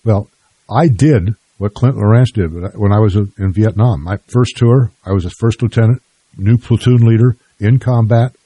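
An older man hosting a radio interview, measured and plain-spoken. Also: fairly low pitch, mellow, husky, no echo. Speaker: radio host.

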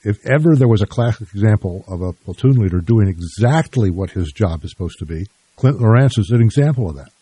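An older man hosting a radio talk show and interviewing a guest in a measured, plain-spoken way. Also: lowish voice, lively intonation, warm tone, husky, no room sound.

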